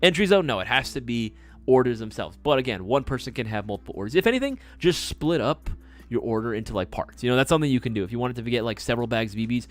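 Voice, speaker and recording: A man's voice: medium pitch, expressive, quick pace. A man hosting a live stream, chatting casually, swearing and ranting with exasperation.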